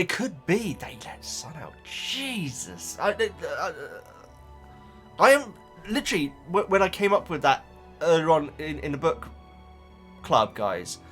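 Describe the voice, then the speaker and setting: A man's voice: fairly high pitch, a bit bright. Man, casual vlog chat, stammering restarts, rambling, faint background music. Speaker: YouTuber reacting to book comments. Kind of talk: casual chat reading viewer comments.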